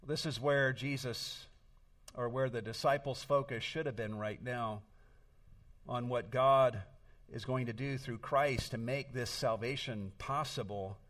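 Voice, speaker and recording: A man's voice: medium pitch, steady tone, unhurried, a bit bright, recorded from a distance. A middle-aged man preaching a sermon as pastor, earnest and storytelling, leaning on emphatic words.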